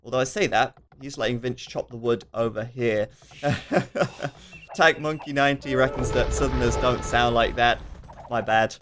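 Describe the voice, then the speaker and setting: An esports commentator calls a strategy game match live, his mid-range, fairly bright voice staying casual and chatty. He reads out viewer questions and tosses in quick asides, with plenty of fillers, over soft background music.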